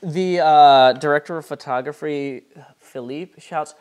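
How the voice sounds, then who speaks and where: A man running a tabletop role-playing game as game master, describing scenes with wry, quick storytelling asides. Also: a little high, steady tone, a little mellow, clean tone.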